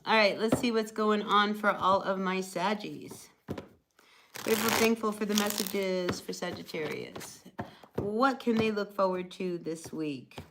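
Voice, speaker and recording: A woman's voice: mid-range voice, unhurried, background noise. Chatty woman giving a tarot reading. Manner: chatty, encouraging, many fillers. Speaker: tarot reader. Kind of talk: casual live tarot reading.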